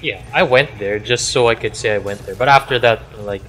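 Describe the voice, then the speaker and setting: A man making dry, deadpan jokes in casual talk while gaming with friends. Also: on the low side, fairly quick, music in the background. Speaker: game player.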